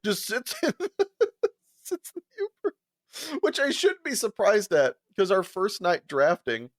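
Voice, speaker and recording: Animated laughing male podcast host. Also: takes it slowly, dry recording, studio quality. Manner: animated, laughs often, acts out quotes in higher voice. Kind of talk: casual storytelling chat.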